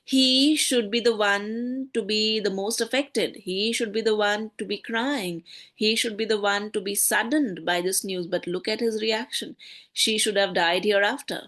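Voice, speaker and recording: A woman's voice: mid-range voice, fairly even intonation, a little slow, fairly bright tone. A woman explains a play line by line as a literature teacher, often checking in with "okay?" and mixing in Hindi.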